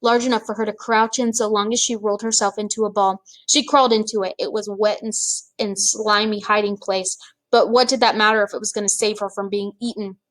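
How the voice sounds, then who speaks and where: A woman reading a children's book aloud, with expressive, measured storytelling. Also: mid-range voice. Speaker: reader.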